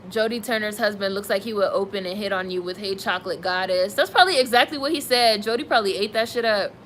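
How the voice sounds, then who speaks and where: A woman's voice: medium pitch, quick pace, fairly bright tone, a little hiss or hum, low-quality recording. A young woman streaming live, reading viewer comments and reacting with candid, sassy asides. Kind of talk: casual live-stream chat.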